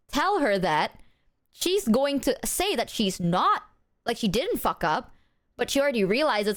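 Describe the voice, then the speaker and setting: Woman streamer, high bouncy voice, rambling casual chat with slang and swearing. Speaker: livestreamer.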